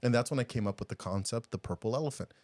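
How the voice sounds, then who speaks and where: A man co-hosting a podcast in casual chat, animated and rambling, laughing often and restarting his sentences. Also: medium pitch, racing, dry recording. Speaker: podcast co-host.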